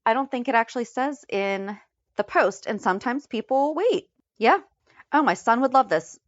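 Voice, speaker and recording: A chatty woman co-hosting a fan podcast. Her pitch moves a lot as she talks, and she rattles through lists in a quick, matter-of-fact way. The sound is dry and a little dull. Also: expressive, dry recording. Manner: chatty, reads episode headlines in a quick list. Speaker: podcast co-host. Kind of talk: casual recap chat.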